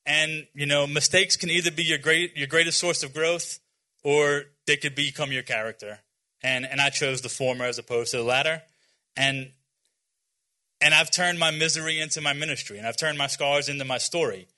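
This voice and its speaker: His voice sits on the high side with a sharp tone, and he keeps a moderate pace. The speaker is a man in his forties, a youth speaker giving young people an earnest, informal sermon marked by frequent fillers, restarts, and some self-mocking humor.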